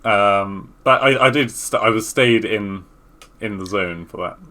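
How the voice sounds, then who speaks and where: A laid-back man co-hosting a casual podcast, with a bright, forceful voice pitched fairly low. He trails off often and drops swear words easily. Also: measured pace. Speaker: podcast co-host. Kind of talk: casual chat.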